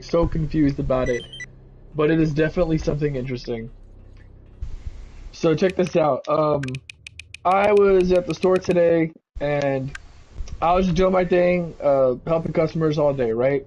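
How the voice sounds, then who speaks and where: A young man telling a rambling, animated story in a casual, swearing way while playing a game. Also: on the high side. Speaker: gaming video host. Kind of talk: casual storytelling over gameplay. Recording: slightly muffled, faint background noise.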